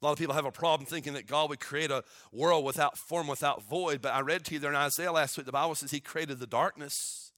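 A male pastor preaching a sermon, moving between quiet storytelling and loud, shouted exhortation. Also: fairly high pitch, steady tone, quick pace, hardly any pauses, no echo, clean studio sound.

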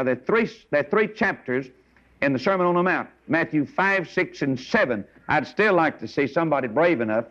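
A man preaching a folksy, animated sermon, telling stories and rising to high exclamations. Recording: dull lo-fi sermon recording.

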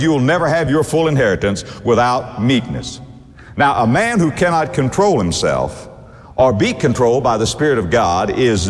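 A male preacher delivering a fervent sermon, his voice leaping from quiet, low asides to ringing high exclamations. He chuckles between points and calls his listeners dear friend. His words trail off into the long reverb of a large hall.

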